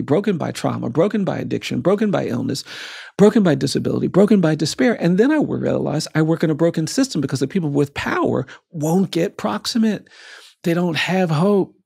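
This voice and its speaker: A man tells a personal story as a guest on a podcast, his voice rough and gravelly with a husky grain. He speaks in an earnest, measured way and lets repeated phrases pile up for emphasis. The sound is close and dry. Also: fairly high pitch, lively intonation, a little mellow, no echo. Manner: measured, earnest, builds emphasis through repetition.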